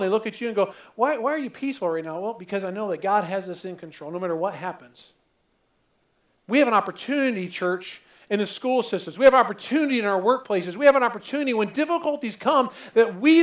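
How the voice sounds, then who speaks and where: A man preaching a sermon earnestly, often repeating phrases and stumbling over his first words. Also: high-pitched. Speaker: pastor.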